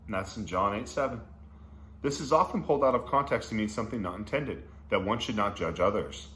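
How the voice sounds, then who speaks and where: A man with a fairly low voice leads a casual Bible study, reading verses and then unpacking them in slangy, enthusiastic asides. The recording is roomy and echoey, with a faint hum of noise underneath. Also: brisk, fairly bright tone. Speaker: Bible teacher.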